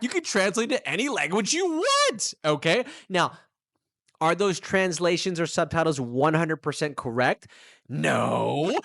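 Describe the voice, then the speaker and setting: A man hosting his own podcast, talking straight to the listener in an animated, emphatic way. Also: a little high, no room sound, studio quality. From United States. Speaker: podcast host and English teacher. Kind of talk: casual solo podcast monologue. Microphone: studio microphone.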